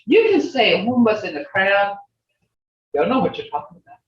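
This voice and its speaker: An older woman teaching an online language class, patiently repeating words slowly for her learners. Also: medium pitch, very animated, distant mic. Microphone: video call. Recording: roomy lo-fi video call audio from off-mic.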